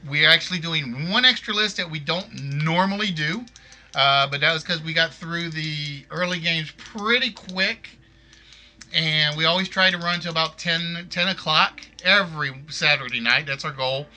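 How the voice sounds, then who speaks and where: A man hosts a live game show stream, chatting casually in a slightly high, sharp voice at a moderate pace. He rambles, keeps correcting himself, and apologizes along the way.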